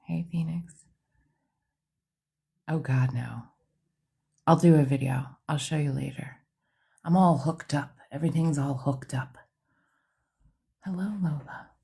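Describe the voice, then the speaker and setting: Husky half-whispering woman. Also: low voice, takes it slowly, pauses often, warm tone. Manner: half-whispered, chatty, greets viewers by name. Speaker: psychic medium livestream host. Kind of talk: casual livestream chat. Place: home studio.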